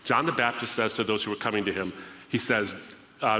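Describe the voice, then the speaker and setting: A man's voice: fairly low pitch, brisk, pushed and bright, a little hiss or hum. A man from the United States, hosting his podcast and telling his personal testimony in a conversational way, acting out past conversations. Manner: conversational, re-enacts past dialogues. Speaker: podcast host. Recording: reverberant hall.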